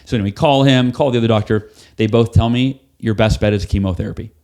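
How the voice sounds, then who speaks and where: A man as a podcast guest, telling a personal story in an animated way, acting out what people said and swearing casually. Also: lowish voice, fast. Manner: animated, acts out quoted dialogue, casual swearing. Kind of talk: storytelling in a conversational interview.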